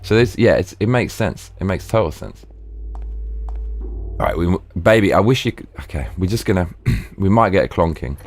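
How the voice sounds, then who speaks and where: A man streaming a horror game, chatting excitably and swearing, with sudden high yelps. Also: moderate pace. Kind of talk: live gameplay commentary.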